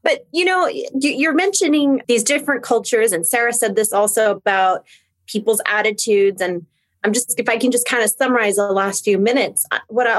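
A woman co-host who gathers the conversation into a thoughtful summary and speaks reflectively. Her voice is slightly high. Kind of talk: conversational interview.

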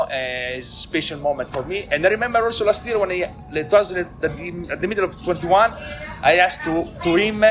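In a post-race interview, an Italian team manager speaks halting, broken English, restarting often and laughing frequently. His voice sits high and sounds animated, with music playing underneath.

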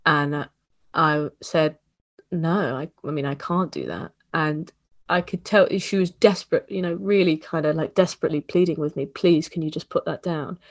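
Male podcast host, casual, halting chatter, dry studio sound. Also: a little high, animated, dry recording. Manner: chatty, many restarts and "like" fillers.

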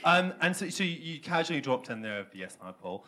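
A man's voice: a little high, very animated, fairly quick, noisy background. A man hosting an on-stage interview, chatty and hesitant, full of fillers and restarts. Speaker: interviewer host.

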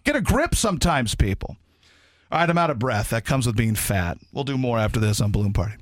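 A man's voice: fairly quick, dry recording, clean studio sound. A man filling in as a sports radio host, ranting about fans and trading stories with a co-host, and dropping into mocking voices. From grew up in Baton Rouge, Louisiana. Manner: animated, ranting, mocks fans in high squeaky put-on voices. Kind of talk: sports talk radio rant. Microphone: studio microphone.

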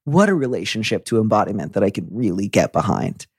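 A young adult man hosting a podcast, chatting in an effusive, animated way. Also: on the low side, quick pace, slightly rough, no echo, clean studio sound. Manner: animated, effusive, breaks into quoted voices. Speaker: podcast host. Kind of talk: casual conversational chat.

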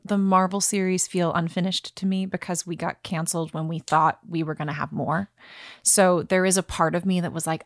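A woman in her thirties speaks in a slightly low register as a guest in a relaxed interview, thinking aloud and often restarting her sentences. She laughs easily. The recording is close and dry, with almost no room sound. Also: no room sound. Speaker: actor guest. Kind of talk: casual interview chat.

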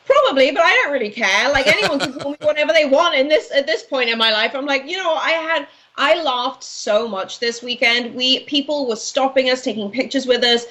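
A woman in her late twenties from Wales talks as a guest writer on a chat show. Her voice sits a little high and she sounds bubbly and easygoing, ready to laugh at any moment. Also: brisk, hardly any pauses, a bit bright. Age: 20s. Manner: bubbly, chatty, laughs easily. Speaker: news and commentary writer, guest. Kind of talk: casual interview chat.

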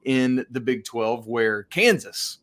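A man's voice: mid-range voice, expressive, slow, a bit bright. Upbeat man rattling off basketball stats. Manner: upbeat, chuckles between stats. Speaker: sports podcast co-host. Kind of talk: casual sports talk.

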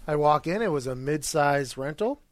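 A young man from Pittsburgh telling a story as a podcast guest, animated and joking. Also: a little high, normal speed, no room sound. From Pittsburgh, USA. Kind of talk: casual studio chat. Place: podcast studio.

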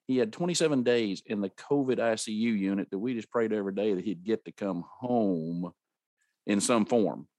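A man's voice: lowish voice, normal speed, no room sound. A man in his fifties from rural America hosts an interview and tells a family story in an earnest, folksy way. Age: 50s. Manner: earnest, folksy, animated when telling a story. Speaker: podcast host.

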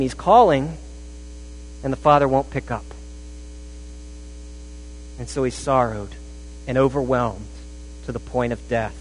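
A pastor preaching a sermon, shifting between rising emphasis and a hushed, intense delivery. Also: male voice, mid-range voice, poor audio. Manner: dramatic, drops to a hushed intensity.

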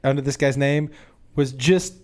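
A man hosting a casual talk show, telling a story with lively voiced quotes and laughter. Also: mid-range voice, normal speed. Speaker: host. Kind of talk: casual banter with role-play and storytelling.

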